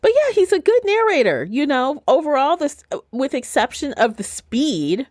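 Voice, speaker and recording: A woman co-hosting a casual book podcast, animated and often laughing, swearing casually as she talks. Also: sits high, normal speed, dry recording, clean studio sound. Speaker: podcast co-host.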